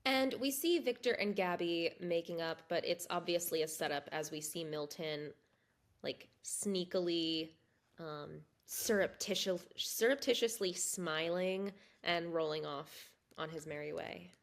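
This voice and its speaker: Woman co-host with a lower voice. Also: measured pace. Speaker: podcast co-host. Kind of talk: casual recap chat.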